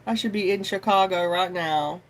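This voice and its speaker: A live-stream tarot host in loose, casual chat. The talk rambles, swears freely and keeps calling out to viewers with y'all. The pitch sits in the middle. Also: moderate pace. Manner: chatty and informal, says y'all often.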